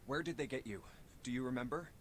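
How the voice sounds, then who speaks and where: A man's voice: mid-range voice, fast, a little hiss or hum, lightly acted. An actor voicing a confused, anxious young man in a video game, muttering his questions aloud. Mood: puzzled. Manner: puzzled, muttering to himself. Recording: roomy and distant, with music.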